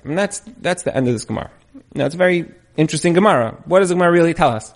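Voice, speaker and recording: A man's voice: on the high side, racing. A man teaching an informal Torah class, retelling a story in a conversational, storytelling way. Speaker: Torah lecturer.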